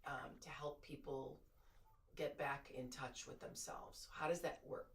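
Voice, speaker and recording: A man interviewing a guest in a relaxed, casual way, with pauses and fillers. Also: medium pitch, slight background noise. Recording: distant from the mic.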